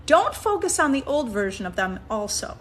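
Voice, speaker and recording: A woman's voice: high voice, very animated, moderate pace, a little hiss or hum. A woman giving a casual coaching talk as a manifestation coach, coaxing her listeners and checking in with frequent "okay?" and "right?". She often restarts sentences while thinking aloud.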